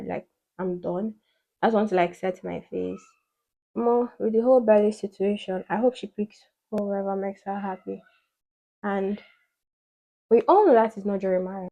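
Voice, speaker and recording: A woman chats her way through a makeup routine in a warm, mellow voice with a slightly husky edge. Her talk wanders with constant "like" fillers and playful asides. Soft music plays faintly underneath. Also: medium pitch, poor audio. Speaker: beauty vlogger. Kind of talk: casual chat while doing makeup.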